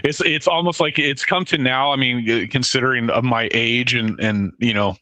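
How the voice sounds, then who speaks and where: A middle-aged man co-hosting a podcast, halting and profane, often repeating words. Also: mid-range voice, sharp tone, no room sound. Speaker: podcast co-host. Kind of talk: casual podcast chat.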